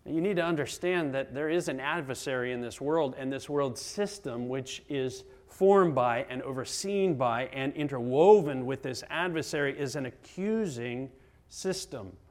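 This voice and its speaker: Preaching as a pastor, this middle-aged man speaks at medium pitch and normal speed. His sermon is dramatic, swinging from loud emphasis down to hushed near-whispers.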